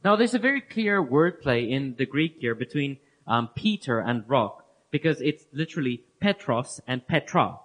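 A man giving a Bible teaching talk, earnest and explanatory, who repeats key phrases and lets his phrase endings fall soft and low. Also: big pitch swings, moderate pace, few pauses. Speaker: preacher.

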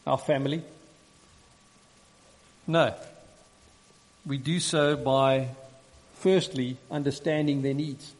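A man preaching a sermon and reading scripture, earnest and measured, repeating phrases for emphasis. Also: on the high side. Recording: long reverb in a large hall.

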